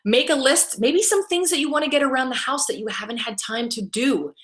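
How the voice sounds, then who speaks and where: A woman's voice: high voice, animated, a little fast, fairly bright tone. Middle-aged woman, upbeat business coach on a live stream, talks straight to her viewers with an emotional edge. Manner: upbeat, coaching, repeats "right?". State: emotional at times. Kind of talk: live-streamed motivational talk.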